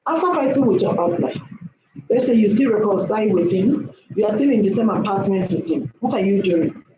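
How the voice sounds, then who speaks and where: A woman's voice: medium pitch, lively intonation, fairly quick, dark tone. A woman giving preachy relationship advice to women, emphatic and repetitive, often checking in with her listeners. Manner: emphatic, repeats herself, keeps checking in with "okay?". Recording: echoey room with faint noise.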